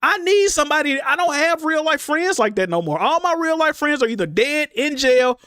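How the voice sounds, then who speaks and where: A man's voice: extremely high pitch, very animated, brisk, bright, forceful tone, no echo, studio quality. A grieving man livestreaming, venting emotionally to his chat in rambling, profane casual talk.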